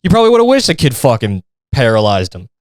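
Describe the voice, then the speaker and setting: A man's voice: medium pitch, wildly swooping pitch, fast, noisy background. A man hosting a podcast, reacting to videos in a casual, profane and mocking rant. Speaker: podcast host.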